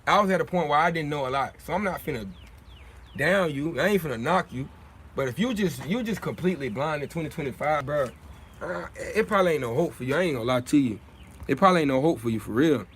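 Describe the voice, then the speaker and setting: A man's voice: on the high side, expressive, a little fast, fairly bright tone, a little hiss or hum. A young man hosting a casual livestream, talking in streetwise slang in a preachy way, often repeating his points. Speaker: livestream host.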